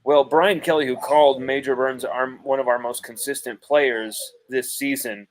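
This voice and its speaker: A man's voice: medium pitch, fairly even intonation, normal speed, a little hiss or hum, low-quality recording. Heated, profane male sports host. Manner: heated, profane, repeats his points for emphasis. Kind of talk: live postgame commentary.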